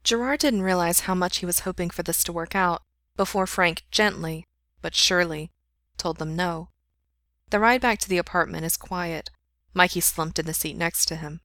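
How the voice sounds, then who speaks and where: A woman reading a story aloud in a steady, intimate way. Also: on the low side, moderate pace, no echo, clean studio sound. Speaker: story reader. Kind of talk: reading fan fiction aloud.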